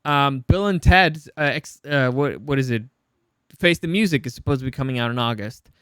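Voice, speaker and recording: A man's voice: mid-range voice, moderate pace, fairly bright tone, clear, resonant tone, dry recording. A man hosting a casual pop-culture news vlog, blunt and opinionated, swearing freely and restarting his sentences. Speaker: news commentary host.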